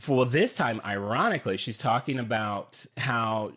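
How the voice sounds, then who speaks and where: A man co-hosting a podcast, telling a long story in casual chat and acting out what people said. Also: normal speed. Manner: animated, acts out quotes with big pitch jumps. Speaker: podcast co-host.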